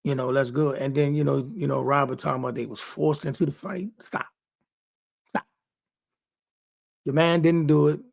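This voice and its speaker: A man's voice: a little high, fairly even intonation, fast, gravelly, hardly any pauses, a little mellow. A man hosting a sports talk show, giving emphatic casual commentary on boxing and repeating himself for stress. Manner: emphatic, repeats phrases, talks straight to people. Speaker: sports podcast host.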